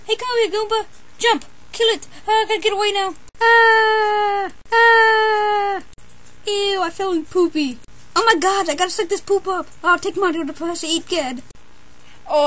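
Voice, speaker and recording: A woman voicing every character in a homemade animation, excitable and switching between put-on voices with sudden cries and shouts. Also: very high voice. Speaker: amateur voice performer.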